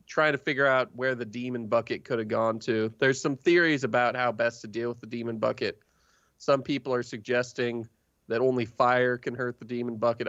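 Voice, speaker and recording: A man's voice: mid-range voice, fairly bright tone, no room sound, lo-fi sound. A man narrating a tabletop game as game master, in a loose, profane, storytelling way.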